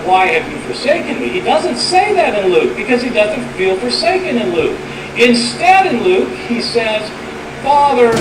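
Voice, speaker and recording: A man delivering a formal debate speech in an emphatic, lecturing manner. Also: extremely high pitch. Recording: distant, echoey, noisy archive clip.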